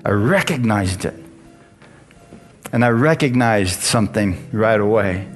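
A man's voice: on the low side, expressive, unhurried. A male pastor preaching a sermon in a conversational way, asking the congregation questions as he goes. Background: guitar music.

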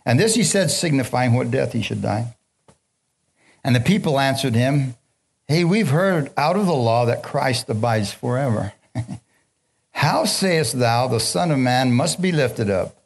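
A man's voice: medium pitch, lively intonation, measured pace, gravelly. A man preaching, leading prayer and call-and-response, reading scripture aloud and commenting on it, and chuckling while he tells a story.

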